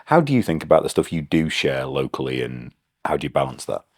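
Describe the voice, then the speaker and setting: Deep, lively-pitched male host. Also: fairly quick, no room sound, studio quality. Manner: conversational, probing questions, playful. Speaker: interview host. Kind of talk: casual interview chat.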